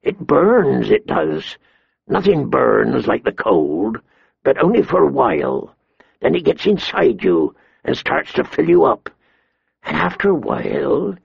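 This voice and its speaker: A man doing a grim, gravelly old soldier. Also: no room sound, lo-fi sound, heavily acted. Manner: low, heavy, brooding delivery. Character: grizzled older male man-at-arms, gruff and grim.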